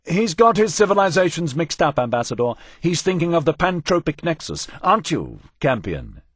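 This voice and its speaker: A man voicing a smooth male host who introduces guests briskly and teases his friend. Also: fairly high pitch, no room sound, voice pushed up, heavily acted. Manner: brisk, teasing, lively.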